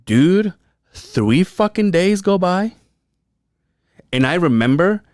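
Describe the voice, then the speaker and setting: A man's voice: sits high, expressive, slow, a little mellow, dry recording, studio quality. A man in his thirties, a podcast co-host, telling a profane story in casual chat and acting out the quotes. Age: 30s.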